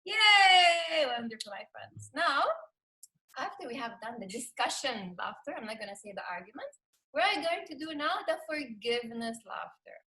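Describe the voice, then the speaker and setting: A woman's voice: on the high side, very animated, normal speed, a bit bright, rough recording. A woman leading a laughter yoga session over a video call, cheerful, laughing often and calling out "yay". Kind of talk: live webinar instruction.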